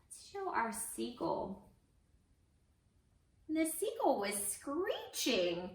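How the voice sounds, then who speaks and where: A woman's voice: high-pitched, huge pitch swings, slow. A young woman leading an interactive story time for babies and their grown-ups, coaxing them to join in with a sing-song delivery. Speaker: teaching artist leading baby story time. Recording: roomy, from off-mic.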